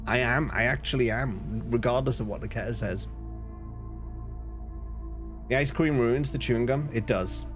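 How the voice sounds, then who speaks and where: A man's voice: mid-range voice, moderate pace, pauses often, soft background music. A man chatting casually on a live stream, laughing often and reading out chat messages. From northern England.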